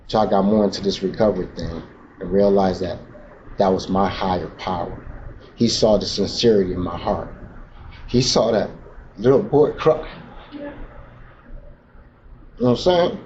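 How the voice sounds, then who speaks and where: A man speaks at a recovery meeting, telling his own story in blunt, emotional street talk. His voice is warm and relaxed in tone. The recording is muffled and lo-fi, with faint noise underneath. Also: fairly low pitch, a little slow, long pauses. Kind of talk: personal testimony at a recovery meeting.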